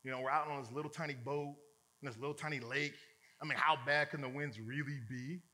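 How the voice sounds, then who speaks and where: A male pastor preaching a sermon in a joking, colloquial, energetic way. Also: mid-range voice, fairly quick.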